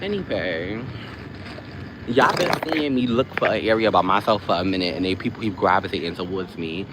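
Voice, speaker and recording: Animated man livestreaming on a noisy street. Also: deep voice. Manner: rambling, animated, chatty, quick asides. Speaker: livestream host. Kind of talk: casual live-stream chat while walking. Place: outdoors on a busy city street. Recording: noisy street with passing traffic.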